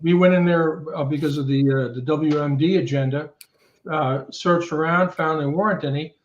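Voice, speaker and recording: A male professor as a guest on a podcast, calmly explaining cause and effect. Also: a little high, normal speed, slight background noise. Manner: analytical, laying out causes step by step. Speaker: guest, intelligence studies professor. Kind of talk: casual chat, explaining. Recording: roomy, dull remote audio.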